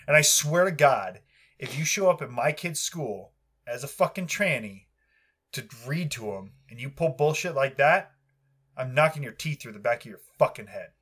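A man's voice: medium pitch, lively intonation, moderate pace, a bit bright, slightly rough. A young man on a podcast giving an angry, profanity-heavy rant with aggressive, heated delivery. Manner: heated, aggressive, swears constantly.

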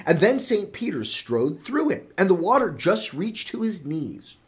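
Lively high-voiced man reading tales. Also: measured pace. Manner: animated, playful, adds jokes. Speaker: podcast host reading fairy tales. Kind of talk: comic storytelling.

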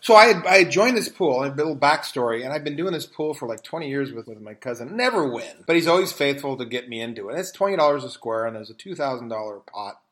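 A man's voice: mid-range voice, expressive, fast, hardly any pauses, fairly bright tone. A man co-hosting a podcast, telling stories in casual chat with many restarts. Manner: rambling storyteller with many restarts. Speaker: podcast co-host.

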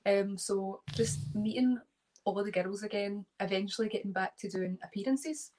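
A woman's voice: mid-range voice, normal speed, rough recording. Chatty young Scottish woman on a call. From Scotland. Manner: chatty, lively, animated. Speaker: interview guest, pageant contestant. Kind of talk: casual live interview chat.

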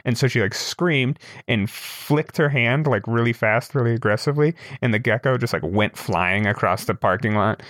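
A young man telling a story in casual chat, animated and laughing, lifting his voice to quote people. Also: medium pitch, moderate pace, hardly any pauses, dry recording, studio quality. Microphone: remote call with broken camera.

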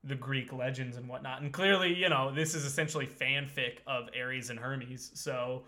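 A man's voice: medium pitch, normal speed, bright, forceful tone. A man co-hosting a podcast in casual chat, rambling with lots of fillers and frequent laughs. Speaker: podcast co-host.

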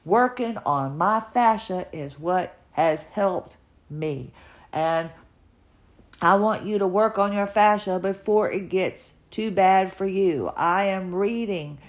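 A middle-aged woman speaking in an unhurried, drawn-out way, her pitch sitting right in the middle. She talks in an earnest, emotional manner as she shares a casual personal podcast monologue and encourages her listeners. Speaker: podcaster sharing her health journey.

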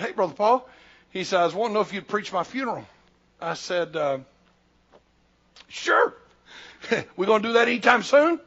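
Gravelly man preaching folksy. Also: high voice, a bit bright. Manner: folksy, acts out dialogue in quotes. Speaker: pastor and missionary. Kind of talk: sermon storytelling. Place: church. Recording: dull lo-fi church recording.

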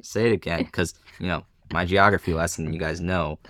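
Very deep-voiced woman podcast host. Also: steady tone, brisk, fairly bright tone, dry recording, clean studio sound. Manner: enthusiastic interjections. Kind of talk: casual podcast chat.

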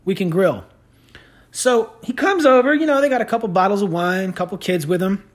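A man hosting a podcast, telling stories in a sarcastic, animated rant. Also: high-pitched, a little fast. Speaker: podcast host. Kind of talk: casual ranting commentary.

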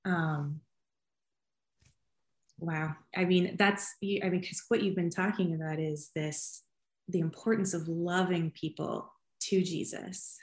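A woman's voice: lowish voice, fairly even intonation, slow. A woman hosting an interview, affirming and reflecting on what her guest shares. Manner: warm affirming listener. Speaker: host. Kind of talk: interview conversation.

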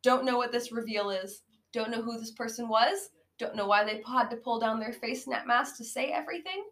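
A woman's voice: a little high, brisk, a bit bright, rough recording. A woman co-hosting a casual podcast, rambling through a bad movie's plot with many fillers and frequent laughs. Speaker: podcast co-host. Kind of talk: casual movie-riffing chat.

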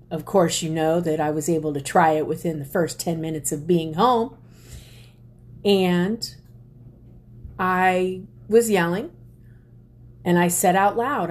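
A woman speaking to an audience, telling a personal story slowly and deliberately, with pauses and restarts. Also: fairly low pitch, darkish tone. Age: adult parent. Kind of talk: reflective personal talk to an audience.

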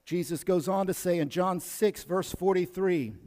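A man preaching a sermon in a high, ringing voice that carries a long reverb through the sanctuary. He shifts between hushed, measured passages and loud, emphatic bursts, and he repeats phrases to press a point home. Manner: energetic, swings from hushed to loud, repeats himself. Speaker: pastor.

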